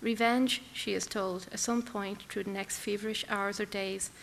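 A woman reading literary prose aloud in measured, intense, clipped phrases. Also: mid-range voice, steady tone, creaky, in a large hall, slight background noise. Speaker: reader.

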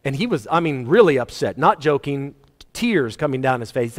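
A male pastor preaching a sermon emphatically, his voice rising and falling in pitch and loudness. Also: big pitch swings, moderate pace, long reverb tail. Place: church.

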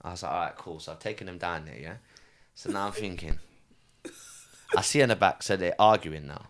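A man, a cab driver telling animated stories in a casual podcast chat. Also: low-pitched, brisk. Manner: animated storyteller, acts out quotes.

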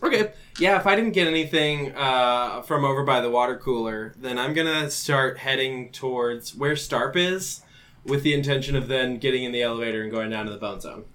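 A man's voice: mid-range voice, fairly quick, bright, forceful tone. A man playing a tabletop game, casually describing what his character does. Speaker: player.

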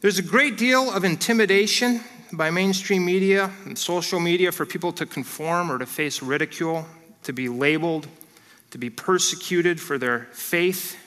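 A man preaching a sermon as pastor, earnest and direct, dropping into soft prayer and light family stories. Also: high-pitched, normal speed, big-room sound. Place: church hall.

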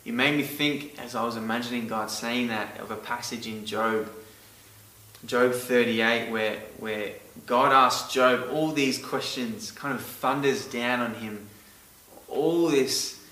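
Male preacher, bright and emphatic, picked up from a distance in an echoey hall. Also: medium pitch, fairly even intonation, slow pace, slight background noise. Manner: earnest, emphatic on key words. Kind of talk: sermon.

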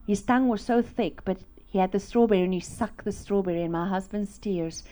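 A woman's voice: medium pitch, fairly quick, warm tone. A woman, telling a personal faith story as a sermon and acting out the voices in it. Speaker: speaker at a church. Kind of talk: testimony sermon.

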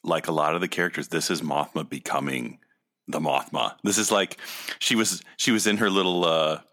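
Low-voiced man with a bright edge. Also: moderate pace. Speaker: podcast co-host. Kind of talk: casual chat recapping a TV episode.

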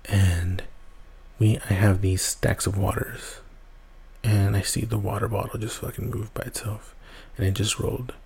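Male podcast host, low, dark husky voice, rambling casual storyteller who swears. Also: little pitch movement, unhurried. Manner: rambling, swears often, restarts a lot.

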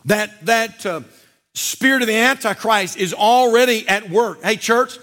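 Pastor guy preaching at church, really high voice, sharp and bright, emphatic, dips low to hammer a point. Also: a little slow. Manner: emphatic preaching, often drops to a low intense voice. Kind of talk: sermon. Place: church service.

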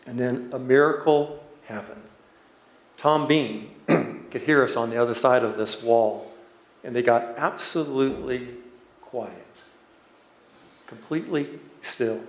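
A man preaching a sermon, telling a personal story in an unhurried, storytelling way. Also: mid-range voice. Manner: unhurried storytelling, building to laughter. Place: church. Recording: echoey church room.

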